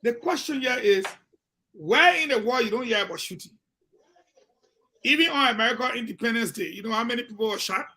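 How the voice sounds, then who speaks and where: A man's voice: very high voice, fairly quick, pauses often, sharp tone. A man with a Liberian English accent giving emphatic commentary on a call-in radio show, repeating his points for weight.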